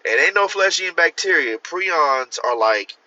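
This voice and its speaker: Male livestream host, casual and profane, rambling; bright, forceful tone, muffled phone audio. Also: a little high, animated, moderate pace. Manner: profane, rambling, talks straight to viewers; answers viewer comments. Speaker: author hosting a livestream.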